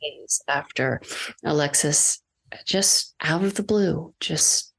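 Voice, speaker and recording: A woman guest on a podcast, an acting coach, telling a personal story in an earnest, halting way with restarts. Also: deep voice, vocal fry, husky. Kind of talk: candid personal storytelling in conversation.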